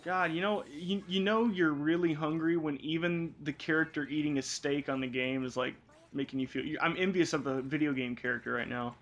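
A man's voice: on the high side, fairly even intonation, brisk, fairly bright tone, dull audio. Swearing, laughing young man gaming. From Southern United States. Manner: laughs often, swears freely. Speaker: gaming channel host. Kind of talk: casual co-op gameplay chat.

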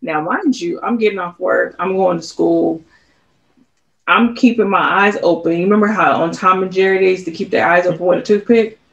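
A woman's voice: on the low side, moderate pace, vocal fry. A woman co-hosting a podcast, talking casually and reflectively, trailing off with ums. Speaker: podcast co-host. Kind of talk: casual chat. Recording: slightly dull lo-fi.

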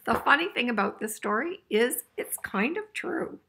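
A woman's voice: fairly high pitch, animated, normal speed, creaky, sharp tone, breathy edge. An older woman reading a picture book aloud to children, playful and chuckling, asking her listeners questions as she goes. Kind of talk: interactive read-aloud for children.

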